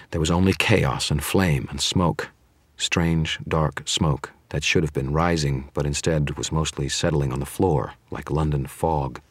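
A man narrating a first-person fantasy audiobook in a measured, dramatic storytelling manner. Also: extremely low pitch, husky, no room sound.

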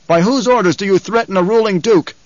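A male narrator voicing a stern young duke who gives commanding, shouted orders. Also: fairly high pitch, animated, moderate pace, no room sound, muffled recording, voice pushed up, close to an everyday voice.

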